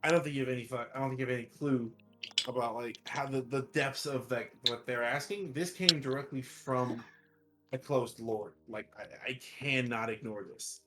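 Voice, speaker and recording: A man's voice: medium pitch, steady tone, moderate pace, background noise, close to an everyday voice. A man voicing a harried, overworked woman magistrate who snaps at her staff and talks in a flustered rush. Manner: frazzled, snapping at assistants, flustered. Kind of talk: tabletop role-play voicing.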